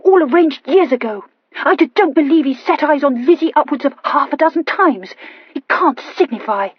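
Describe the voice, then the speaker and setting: A woman's voice: high-pitched, animated, moderate pace, no echo, muffled recording, voice pushed up. A woman voicing a blunt, obstinate young girl who speaks tensely with a slight stammer.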